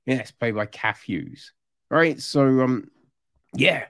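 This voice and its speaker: Casually reviewing a TV series, a man rambles with fillers and restarts, growing exasperated and loud as he rants. He has a medium-pitched voice and a slow pace. The sound is clean studio quality with no echo.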